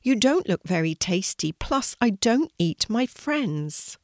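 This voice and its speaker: A woman voicing a gentle young male dragon who speaks calmly and kindly. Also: mid-range voice, takes it slowly, no echo, clean studio sound, pitched above the performer's own voice. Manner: calm, kindly.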